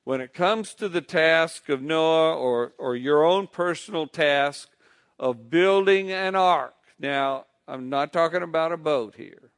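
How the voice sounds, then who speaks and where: Male pastor preaching real slow and deliberate, kinda high voice. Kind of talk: sermon.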